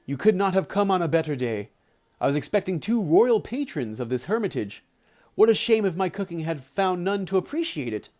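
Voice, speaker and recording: A man's voice: high-pitched, sing-song, a little fast, a little mellow. A man voicing a dignified, motherly elderly woman who hosts an ashram, speaking graciously. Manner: gracious, welcoming speech.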